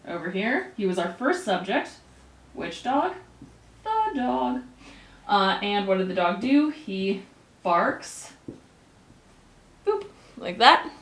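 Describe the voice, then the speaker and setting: A woman teaching a grammar lesson with upbeat, animated energy and quick bursts of excitement. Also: mid-range voice. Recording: echoey room.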